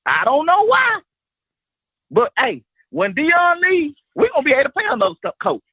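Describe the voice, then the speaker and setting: A man's voice: very high voice, huge pitch swings, normal speed, sharp tone, no room sound. A man calling into a sports show, boastfully trash-talking a rival team's fans. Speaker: caller. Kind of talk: phone-in fan banter. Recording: dull phone-call audio.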